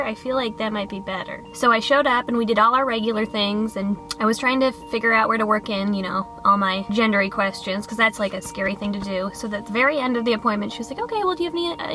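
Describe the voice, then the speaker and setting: A woman vlogging in a casual, chatty way, bubbly and rambling with quick restarts. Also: fairly high pitch, fairly even intonation, music in the background.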